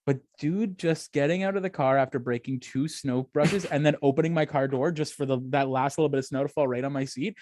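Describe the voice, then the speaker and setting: A young man co-hosting a podcast in casual chat, telling profane, animated stories with big jumps in pitch. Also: a little fast, few pauses, slight background noise. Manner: profane, animated storytelling with sharp swings up and down in pitch. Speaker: podcast co-host.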